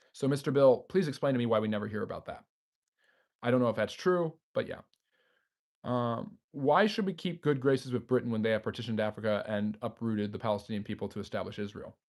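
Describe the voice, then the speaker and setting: A man's voice: medium pitch, a little mellow. A man hosting a history live stream, reading viewers' chat messages aloud and answering them off the cuff with frequent fillers. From United States.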